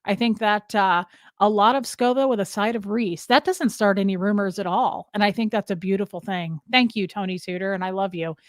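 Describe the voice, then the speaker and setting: A woman's voice: medium pitch, a little fast, dry recording, studio quality. A woman hosting a casual livestream, rambling from topic to topic and greeting viewers by name. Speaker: livestream host. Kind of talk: casual live chat with viewers.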